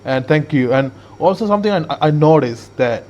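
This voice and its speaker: A man hosting an interview, asking questions in an earnest, halting way with frequent restarts. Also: fairly high pitch, expressive, a little mellow. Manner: hesitant, many fillers and restarts, earnest. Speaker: podcast host. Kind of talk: casual interview. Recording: slightly dull lo-fi audio.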